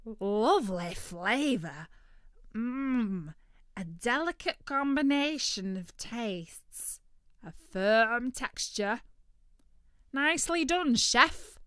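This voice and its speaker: A woman voicing a greedy, boastful male turkey in a children's story, talking loudly and cheekily. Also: fairly high pitch, animated, very slow, clean tone, no room sound, clean studio sound, voice pushed up, heavily acted. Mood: brash. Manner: loud, brash and cheeky. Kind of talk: storybook character reading.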